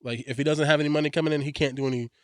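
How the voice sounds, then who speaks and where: A man's voice: fairly high pitch, steady tone, rapid-fire, dry recording, studio quality. A man co-hosting a casual podcast chat, rambling through restarts and swearing freely. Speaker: podcast co-host.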